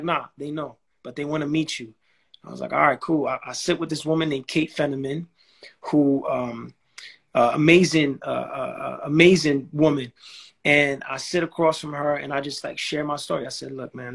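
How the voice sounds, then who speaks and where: A young man, a guest telling a personal story in a casual, animated way, acting out quoted dialogue with slang and restarts. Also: a little high, fairly quick, gravelly, slightly rough. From New York.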